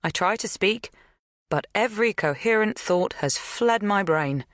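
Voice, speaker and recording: A woman reading a thriller audiobook in measured, scripted first-person narration. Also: deep voice, steady tone, no room sound, studio quality.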